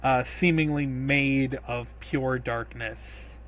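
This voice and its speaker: A man narrating a tabletop game as game master, telling the scene in a measured, descriptive way. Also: mid-range voice, steady tone, fairly bright tone.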